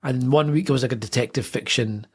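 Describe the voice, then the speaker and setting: Man in his thirties, rambling author guest, quick husky delivery. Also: mid-range voice. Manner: rambling, self-correcting, animated anecdotes. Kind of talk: casual interview storytelling.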